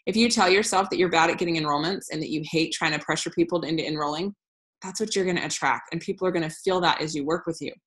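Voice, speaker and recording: Woman, low voice, thirties, upbeat frank trainer, casual talk over a computer mic. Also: fast, fairly bright tone. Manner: upbeat, frank, with frequent restarts. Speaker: business trainer.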